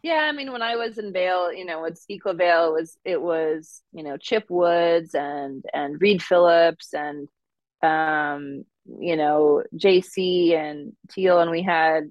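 Low-voiced Minnesota woman, chatty guest. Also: slow, dry recording, dull audio. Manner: rambling with frequent fillers and restarts. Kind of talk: conversational interview.

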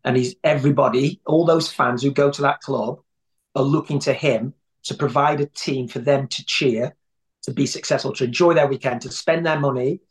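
A man's voice: mid-range voice, steady tone, moderate pace. A man telling long anecdotes in a rambling, conversational way as an interview guest. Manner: rambling storyteller, many restarts.

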